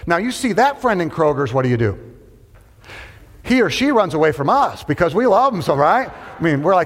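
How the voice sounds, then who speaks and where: Man, pastor, sermon, lively pitch, joking with congregation, echoing church hall. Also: normal speed. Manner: animated, conversational, joking with the congregation. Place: church sanctuary.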